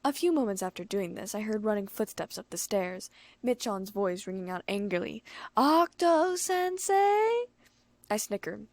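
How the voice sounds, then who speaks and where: A woman reads a first-person fanfiction aloud in a brisk, plain storytelling voice. Her tone carries a gravelly edge, and the recording sounds close and dry. She lifts her pitch when excited characters speak. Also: no room sound. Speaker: audiobook narrator.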